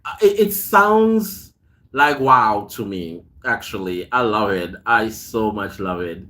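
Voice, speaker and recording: A man's voice: fairly low pitch, lively intonation, slow, bright, forceful tone. A man hosting a casual live stream, greeting viewers by name, reading their comments aloud and telling chatty stories with frequent laughs. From South Africa. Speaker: host.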